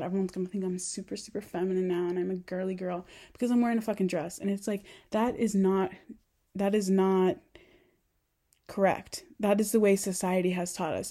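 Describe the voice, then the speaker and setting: Mellow-voiced woman, earnest rambling monologue. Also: medium pitch. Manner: earnest and rambling, many "like" fillers. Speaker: vlogger. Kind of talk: casual self-help monologue.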